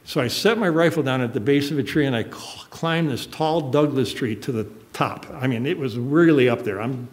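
An older man preaching a sermon, telling a personal story in an earnest, emotional way. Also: medium pitch. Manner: emotional, earnest, choked up at moments.

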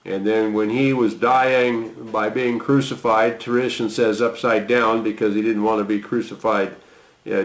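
A man preaching a sermon, reading scripture aloud with a lifted voice and dropping into quiet, conversational asides. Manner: lifts voice to read quoted lines, drops low for reflection. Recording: roomy echo.

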